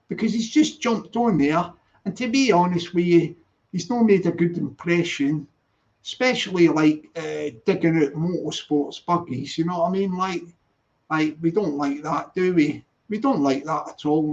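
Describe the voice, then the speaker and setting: A Scottish man hosting a casual live stream, rambling playfully and repeating greetings to his viewers. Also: high voice. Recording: dull lo-fi stream audio.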